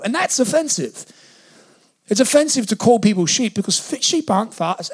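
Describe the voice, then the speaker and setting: A man's voice: sits high, sing-song, normal speed, husky. A man preaching a sermon as a pastor, conversational and joking now and then.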